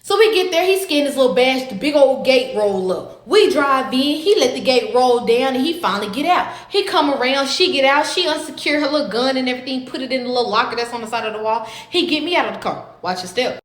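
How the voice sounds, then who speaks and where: A woman, telling a story in a dramatic, profane, animated way. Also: high-pitched, fast talker, hardly any pauses, roomy sound. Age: 20s. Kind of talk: casual storytime.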